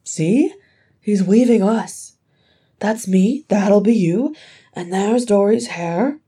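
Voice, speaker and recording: A woman's voice: mid-range voice, fairly even intonation, moderate pace, vocal fry, dark tone, husky. A woman voicing a young male dwarf, the earnest, tearful youngest brother, with a raised, pleading voice. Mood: eager.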